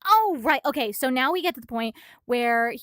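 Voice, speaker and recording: High-pitched woman on stream recapping manga, kinda breathless, swears a lot, dry close sound. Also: moderate pace, no room sound. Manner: excitable, swears casually.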